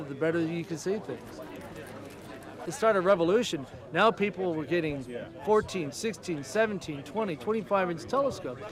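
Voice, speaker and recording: A man, an amateur astronomer, explaining telescopes with growing enthusiasm in an outdoor interview. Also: high-pitched.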